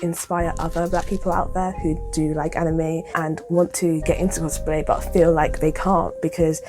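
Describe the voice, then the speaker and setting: A woman's voice: sits low, flat delivery, moderate pace, over music. Encouraging woman cosplayer. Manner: warm, urging and emphatic. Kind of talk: encouraging message.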